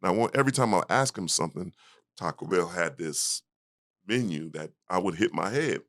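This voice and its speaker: A man in his fifties with an extremely deep voice tells a story from his past in a relaxed interview. He acts out the other people in it with bursts of higher, livelier voices. The sound is dry and close. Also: normal speed, dry recording. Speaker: guest, former basketball player.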